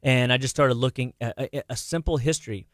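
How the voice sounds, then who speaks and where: A middle-aged man talking casually about health on a radio show, animated and quick, with many restarts and repeated words. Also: medium pitch, dry recording, studio quality.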